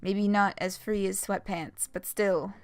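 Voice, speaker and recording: A woman's voice: mid-range voice, steady tone, a little slow, clear, resonant tone, no echo. A young adult woman streaming a game, chatting casually and rambling with lots of fillers and laughs. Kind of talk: casual let's-play chat.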